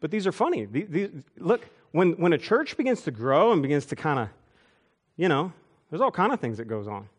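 A man preaching a sermon, telling church stories with quick asides and chuckles. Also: on the high side, husky. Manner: animated storytelling with asides and chuckles. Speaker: pastor. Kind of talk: storytelling sermon.

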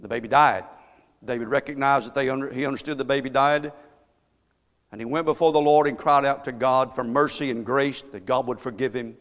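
A male pastor preaching a sermon, telling a story and swinging from hushed asides to shouted emphasis. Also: mid-range voice, fairly even intonation, brisk. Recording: long echo of a large hall.

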